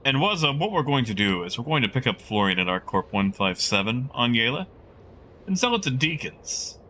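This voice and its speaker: A man's voice: mid-range voice, sing-song, moderate pace, sharp tone, slight background noise. A man streaming a game live, chatting casually and rambling as he muses aloud to his chat.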